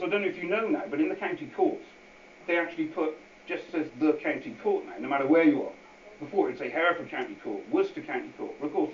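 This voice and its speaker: Rambling man speaking in an echoey hall. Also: fairly high pitch. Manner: rambling and repetitive, with many asides. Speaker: guest speaker at a public meeting. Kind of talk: informal unscripted talk. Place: meeting hall with an audience. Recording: echoey, distant, dull hall recording with faint hiss.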